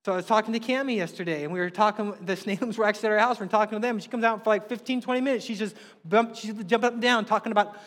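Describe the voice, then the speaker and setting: A middle-aged man preaches with a fairly high voice, talking to the congregation in a casual, animated style that swells on key words. His sermon rings with long reverb from a large church hall. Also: rapid-fire. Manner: animated, conversational preaching with emphatic rises. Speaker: pastor.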